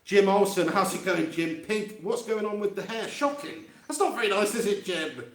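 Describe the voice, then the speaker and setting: A man's voice: high voice, normal speed. A man hosting a live fan reaction stream, chatting casually, laughing often and reading out viewer comments. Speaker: fan channel host. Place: empty room. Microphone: handheld mic close to face. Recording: echoey empty room.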